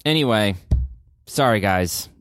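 A man with a lowish voice co-hosts a casual film podcast. His pitch swings widely as he talks, and he often trails off into soft mumbles. The sound is close and dry. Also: measured pace, no echo, faint music behind. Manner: lively, self-deprecating, trails off into mumbles. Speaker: podcast co-host.

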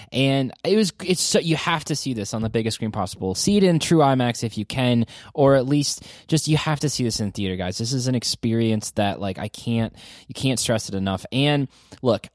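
An animated man in his forties hosts a casual movie podcast. He rambles with real enthusiasm. His voice sits close and dry on the mic, with no room sound. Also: medium pitch, no echo. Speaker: podcast host. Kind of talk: casual movie review chat.

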